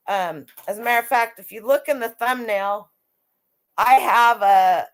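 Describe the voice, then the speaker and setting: A middle-aged woman who resells vintage clothing, chatting casually and rambling on a live stream with lots of restarts. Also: mid-range voice.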